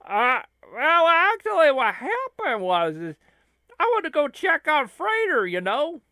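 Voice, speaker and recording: A man voicing an excitable, rambling male sidekick who talks loudly and high. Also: unhurried, no echo, studio quality, full character voice. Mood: eager.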